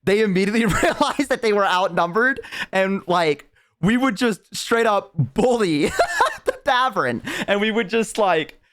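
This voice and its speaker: A man's voice: high voice, wildly swooping pitch, measured pace, a bit bright. A young man streaming, telling a long story in casual, rambling, profane chat full of "like". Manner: rambling, profane, heavy use of "like".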